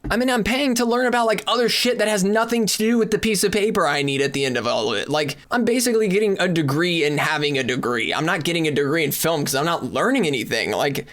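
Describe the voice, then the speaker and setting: A man's voice: fairly high pitch, lively intonation, fast talker, hardly any pauses, fairly bright tone. A young man on a podcast ranting in exasperation, swearing heavily as he complains in casual chat. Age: young adult. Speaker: podcast co-host. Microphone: far from the mic at times.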